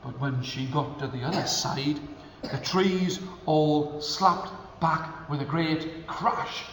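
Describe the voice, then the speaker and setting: A male storyteller telling a folk tale to children, animated and coaxing them to join in with actions. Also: a little high, takes it slowly. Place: school hall. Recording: echoey hall, faint room noise.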